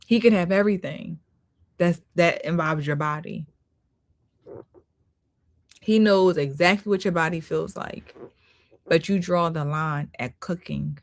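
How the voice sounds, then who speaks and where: A woman's voice: fairly low pitch, measured pace, long pauses, no room sound. A woman hosting a live-stream commentary, critical in tone, often repeating herself for emphasis and talking to viewers as "y'all". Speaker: host.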